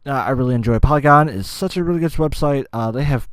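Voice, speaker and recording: A man's voice: mid-range voice, fast, clean tone, no echo. A man hosting a casual solo gaming podcast, rambling, swearing often and losing his train of thought. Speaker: podcast host.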